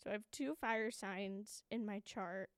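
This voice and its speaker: A woman's voice: medium pitch, a little slow, dry recording. A woman in her early twenties hosting a podcast alone, talking candidly in a shaky, anxious voice, swearing often and laughing at herself. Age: 20s. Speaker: podcast host. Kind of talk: candid solo podcast monologue.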